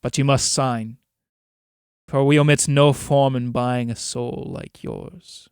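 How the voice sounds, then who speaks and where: A man reading the part of a scheming merchant who buys souls, speaking in a measured, coaxing way. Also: medium pitch, fairly even intonation, darkish tone, clear, resonant tone, dry recording, studio quality. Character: scheming soul-buying male merchant, cold and persuasive.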